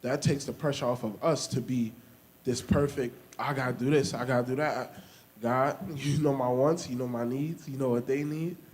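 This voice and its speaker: A man's voice: mid-range voice, steady tone, moderate pace, darkish tone. A man, speaking in a mid-range voice during a faith discussion. He talks in rhythmic, repeated phrases, like a short sermon. A faint hiss sits under the recording. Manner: preachy, repetitive, rhythmic phrasing. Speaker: discussion participant. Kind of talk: casual faith-based discussion.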